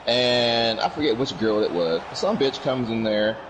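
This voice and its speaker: A young man co-hosting a podcast, talking in an animated way, jumping in and acting out quotes. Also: mid-range voice, measured pace. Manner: animated, jumps in, acts out quotes, heavy swearing. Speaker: podcast co-host. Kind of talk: casual chat. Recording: game commentary and crowd noise behind.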